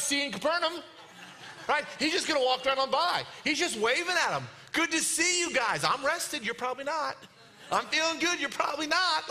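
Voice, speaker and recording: Man, pastor preaching, animated and playful, bright high voice, lots of swing in pitch. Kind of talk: sermon.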